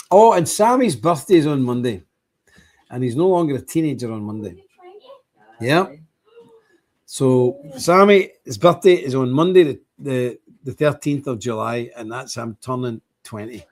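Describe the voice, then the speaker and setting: A man's voice: mid-range voice, lively intonation, normal speed, darkish tone. A man hosting a livestream in a casual, rambling monologue, greeting and answering viewers by name. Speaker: livestream host.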